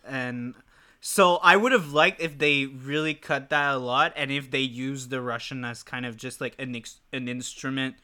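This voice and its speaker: Bright, clear-voiced guy ranting casually. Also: medium pitch, moderate pace. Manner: animated, swearing, lots of "like" fillers. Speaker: podcast co-host. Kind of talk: casual chat. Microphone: podcast mic.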